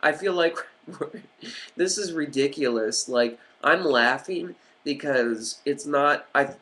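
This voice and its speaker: A man's voice: mid-range voice, a bit bright. A man ranting on a vlog in an agitated, profane, rambling way with many fillers. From United States. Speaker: vlogger.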